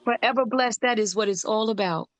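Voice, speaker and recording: A woman's voice: fairly high pitch, a little fast, soft background music. A woman hosting a casual livestream, talking in an emphatic, encouraging, preachy way. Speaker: livestream host.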